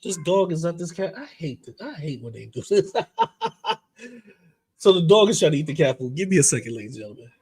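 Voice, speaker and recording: A man delivers laid-back drama commentary in a somewhat higher-pitched voice. He talks directly to his viewers in a loose, chatty way and reads documents aloud as he goes. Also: big pitch swings, fairly quick, a little mellow, breathy edge. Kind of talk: casual commentary.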